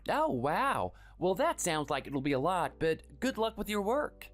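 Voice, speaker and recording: A man's voice: sing-song, unhurried, soft background music. A man playing a timid, sickly husband in his thirties who is meek and apologetic. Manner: meek and apologetic, raised pitch. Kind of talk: dramatized story dialogue and first-person narration.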